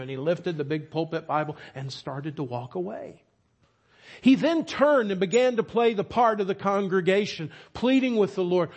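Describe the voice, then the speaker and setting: A man's voice: sits high, expressive, normal speed. A man preaching a sermon, with emphatic, dramatic storytelling. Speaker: pastor.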